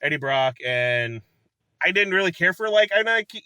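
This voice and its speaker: A man's voice: on the high side, lively intonation, normal speed, bright, forceful tone, smooth, no echo. A man chatting casually in a movie review, rambling and enthusiastic, laughing often and acting out lines from the film.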